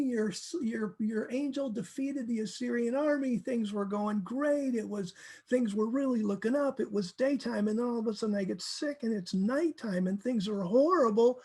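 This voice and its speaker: A man teaching from the Bible in a casual, animated way, acting out verses and laughing often. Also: extremely high pitch, moderate pace, slightly rough.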